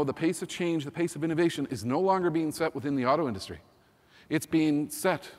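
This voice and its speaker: A man in his fifties gives an energetic, emphatic keynote talk, his fairly high voice ringing with a long hall reverb. He hammers his points home through repetition. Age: 50s. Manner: energetic, emphatic, repeats "think about" and "you know". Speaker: keynote speaker.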